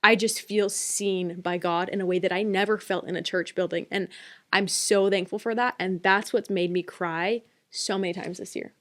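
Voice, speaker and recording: A woman's voice: medium pitch, fairly even intonation, moderate pace, fairly bright tone. A young woman co-hosting a podcast, talking casually and from the heart about motherhood and faith. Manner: heartfelt, reflective. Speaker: podcast co-host. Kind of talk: casual chat.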